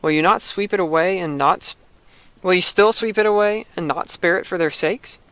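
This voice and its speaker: A man's voice: sits high, moderate pace, pushed and bright, smooth, no echo. A man reading as old Abraham, earnest and pleading.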